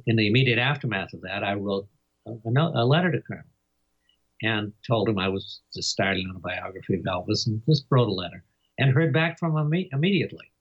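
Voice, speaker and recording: An older man tells a long story, his low voice soft and a little husky. He pauses with fillers and chuckles often as he remembers. The recording sounds dull and lo-fi. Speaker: biographer. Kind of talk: interview storytelling.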